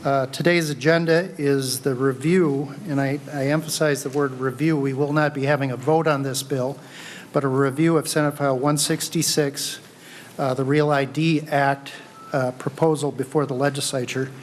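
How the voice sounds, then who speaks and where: A man's voice: medium pitch, flat delivery, moderate pace, slight background noise. A man chairing a legislative committee hearing, laying out procedure with frequent filler words.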